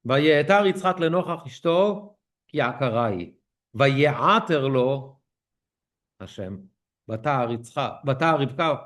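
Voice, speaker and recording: A man's voice: medium pitch, animated, rapid-fire, fairly bright tone. A man teaching a synagogue class on prayer, explaining one term at a time in a conversational lecture. He often checks in with "okay?" and restarts phrases as he translates.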